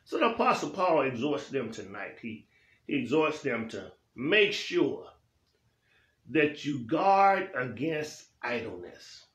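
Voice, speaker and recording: A man's voice: mid-range voice, big pitch swings, slow pace, a bit bright. A male pastor teaching a Bible study in a church, speaking emphatically and repeating phrases for weight in a preaching cadence. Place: church sanctuary. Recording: roomy church echo.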